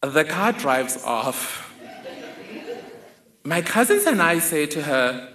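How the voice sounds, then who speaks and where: Man, storyteller with dry humor, bright and a bit high, roomy hall sound. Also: sing-song, takes it slowly, pauses often, crowd noise. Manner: humorous, vivid personal storytelling. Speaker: speaker. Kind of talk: storytelling talk.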